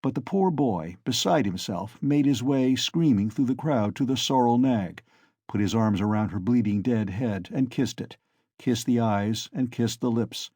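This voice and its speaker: A man's voice: mid-range voice, husky, no echo. Male audiobook narrator, dry close sound. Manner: measured, steady reading. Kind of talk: scripted narration of a classic novel.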